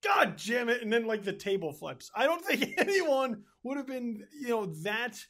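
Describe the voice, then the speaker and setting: High-voiced man hosting a podcast. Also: expressive, moderate pace, fairly bright tone. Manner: rambling, restarts a lot, laughs easily. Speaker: podcast host. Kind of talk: casual podcast conversation.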